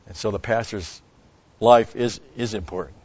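A pastor teaching an expository Bible sermon, speaking deliberately and stopping to explain Greek word meanings. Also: male voice, lowish voice, darkish tone, husky, no echo, dull audio.

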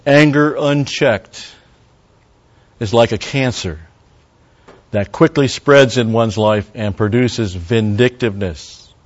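Low-voiced man teaching scripture. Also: dull audio. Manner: conversational, digresses into Hebrew word study; wry asides to the congregation. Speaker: Bible teacher. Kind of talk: verse-by-verse sermon.

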